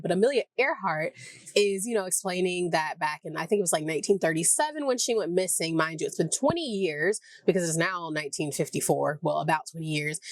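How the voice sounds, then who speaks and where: This fairly low-pitched woman speaks with a Southern US accent, and there's no room sound around her. She's a TV review vlogger casually going over an episode, chatty and meandering, leaning hard on "like" and performing what the characters said.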